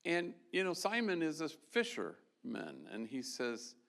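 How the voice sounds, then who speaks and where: A Jesuit priest's voice, fairly high and a bit bright with vocal fry, swings hugely in pitch as he unhurriedly gives an award talk. Before a live audience in an event hall, he tells stories loosely and conversationally, restarting often.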